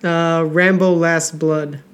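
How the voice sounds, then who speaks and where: A man's voice: fairly high pitch, little pitch movement, takes it slowly, a bit bright. A man co-hosting a podcast in casual chat, talking loosely and swearing freely. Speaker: podcast co-host.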